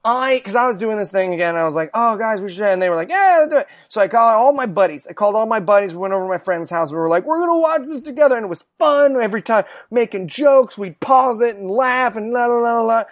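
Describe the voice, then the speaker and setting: A man ranting comedically about politics, loud and profane, slipping into mocking voices. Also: sits high, fast, few pauses. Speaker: podcast guest.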